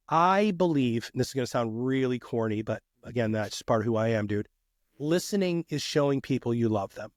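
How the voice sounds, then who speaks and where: A man who is a guest on a podcast, talking in an energetic and emphatic way and often calling the host dude. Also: medium pitch, no echo, clean studio sound. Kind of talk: casual podcast conversation.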